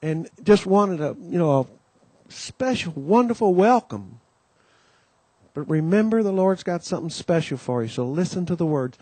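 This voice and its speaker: Folksy, homespun preacher man, higher pitched. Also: expressive, normal speed, darkish tone, husky, dry recording. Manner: homespun storytelling, many "you know"s, acts out quoted voices. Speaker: conference host giving the welcome. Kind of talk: folksy welcome talk at a Christian conference. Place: conference gathering.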